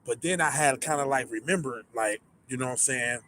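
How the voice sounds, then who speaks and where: A man casually telling a story, animated and full of swearing, acting out the people in it. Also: medium pitch, a little fast, a little hiss or hum. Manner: animated, profane, acts out the people in his story. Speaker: podcast storyteller.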